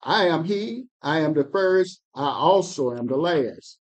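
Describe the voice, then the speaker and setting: A man reading scripture aloud in a Bible class, slow and emphatic, pushing up on key words. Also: on the high side, animated, highs cut off.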